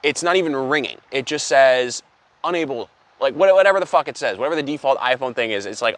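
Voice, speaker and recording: A young man telling an absurd story as an exasperated, profane, deadpan comedy rant. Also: mid-range voice, fast, no echo. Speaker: comedic vlogger.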